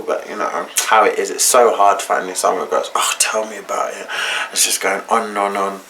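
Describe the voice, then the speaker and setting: A man's voice: on the low side, fairly even intonation, fairly quick, sharp tone, slight background noise. A young man telling a personal story to camera in a casual, slangy, candid way. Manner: chatty, slangy, candid retelling. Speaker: vlogger.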